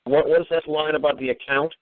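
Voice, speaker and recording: A man's voice: a little high, steady tone, fast talker, no room sound. A man hosting a call-in talk show, scolding a caller in a profane, sarcastic way. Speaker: host. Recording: phone-quality radio audio.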